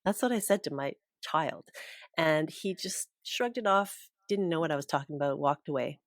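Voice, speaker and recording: Low-voiced woman telling an earnest story. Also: moderate pace, no room sound, studio quality. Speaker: guest. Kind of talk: storytelling in a podcast interview.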